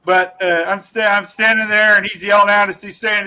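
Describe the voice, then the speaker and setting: A man's voice: sits high, flat delivery, moderate pace, hardly any pauses, bright, forceful tone, smooth, rough recording. A man who is a professional comedian, a guest on a casual podcast, telling rambling funny stories full of restarts. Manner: rambling, lots of restarts and fillers, laughing at his own stories.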